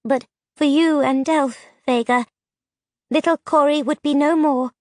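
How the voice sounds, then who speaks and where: A woman's voice: high-pitched, steady tone, a little slow, darkish tone, no room sound, clean studio sound, pitched above the performer's own voice. A woman voicing an anxious female creature, a mother who speaks in an earnest, trembling, formal way, in a fantasy audiobook. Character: anxious grass-covered creature mother, fearful.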